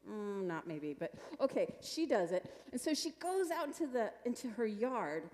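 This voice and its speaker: A woman telling a children's story to a congregation at a church service, animated and playful. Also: mid-range voice, moderate pace. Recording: long reverb of a church hall.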